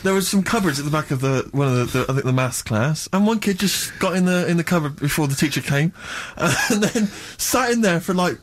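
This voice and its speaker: A man's voice: on the high side, animated, brisk, few pauses. A man co-hosting a radio chat show, telling school stories in a reflective, wry way. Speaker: radio co-host. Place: radio studio.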